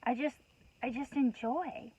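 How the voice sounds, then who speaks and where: A woman's voice: sits high, measured pace, dark tone, slightly rough, rough recording. A woman giving a heartfelt spiritual talk to her viewers, earnest and rambling, with many restarts and "you know"s, emotional and a bit worked up. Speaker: host.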